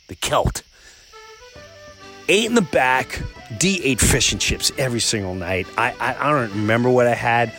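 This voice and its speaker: Animated man telling a story. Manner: animated, with big jumps up in pitch when excited; repeats himself and restarts mid-sentence. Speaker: podcast host and comedian. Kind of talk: casual storytelling.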